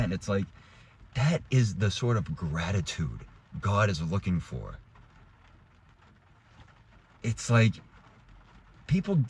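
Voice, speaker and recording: A man's voice: deep voice, a little mellow, a little hiss or hum. A young adult man giving a heated, rambling casual rant to camera, restarting and swearing as he talks. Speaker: vlogger.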